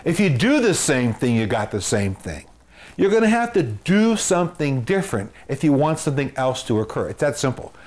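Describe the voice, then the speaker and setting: A man's voice: medium pitch, big pitch swings, normal speed, a little mellow. A man who works as a marriage and family therapist, giving earnest advice to the camera, repeating phrases for emphasis and using everyday comparisons. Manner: gives homespun comparisons.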